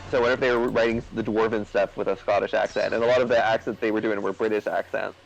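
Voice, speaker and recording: A man's voice: fairly low pitch, steady tone, fast talker, creaky, faint music behind. Rambling man with a dull lo-fi mic. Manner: rambling, many fillers and restarts. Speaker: co-host of a gaming video. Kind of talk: casual chat over gameplay.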